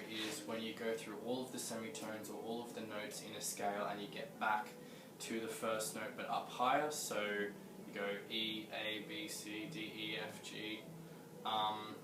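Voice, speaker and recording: A man gives a patient guitar lesson, explaining scales and counting in each tempo. He sounds set back from the mic in an echoey room. A guitar rings out clearly around his voice. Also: fairly low pitch. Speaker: guitar teacher. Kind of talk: video music lesson. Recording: roomy echo, distant mic, guitar.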